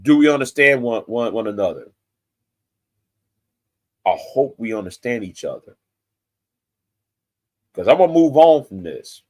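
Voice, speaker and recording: A man's voice: medium pitch, sing-song, measured pace, pauses often, darkish tone. Man ranting angrily at rivals. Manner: confrontational, threatening, profane, repeats himself. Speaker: YouTube commentator. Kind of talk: angry direct-to-camera rant.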